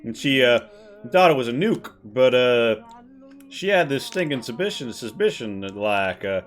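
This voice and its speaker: In a medium-pitched, near-everyday voice with lively intonation and moderate pace, a game master plays a folksy rural male soldier who calls himself a sovereign patriot. The tabletop character drawls with a generic American hick accent, full of hesitant uhs, and the mood is official.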